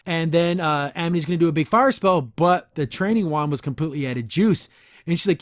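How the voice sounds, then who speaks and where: A man hosting a podcast, reviewing a cartoon episode in a rambling, animated way, often restarting and acting out the characters' lines. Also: on the high side, brisk, no echo. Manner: rambling, animated, with frequent restarts and acted-out quotes.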